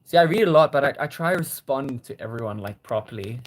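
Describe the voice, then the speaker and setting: A young man hosting a casual livestream, reading viewer comments and gently encouraging them. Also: mid-range voice, expressive, quick pace. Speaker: livestream host.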